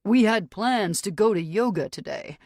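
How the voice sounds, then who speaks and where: A woman's voice: medium pitch, animated, moderate pace, a little mellow, no echo, studio quality, pitched above the performer's own voice. A woman voicing an anxious, caring man who asks urgent, worried questions.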